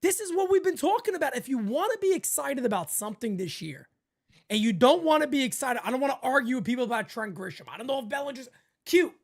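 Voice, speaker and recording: A man hosting a casual live sports talk show, emphatic and animated, swinging between loud bursts and quieter asides. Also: very high voice, fast talker. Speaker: podcast host.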